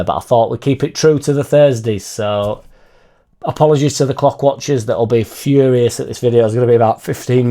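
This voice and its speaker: Rambling Yorkshire man, mellow voice. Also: mid-range voice. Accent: Yorkshire English. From Leeds, England. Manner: rambling, chatty, swears freely. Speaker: football fan YouTuber. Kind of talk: casual vlog chat.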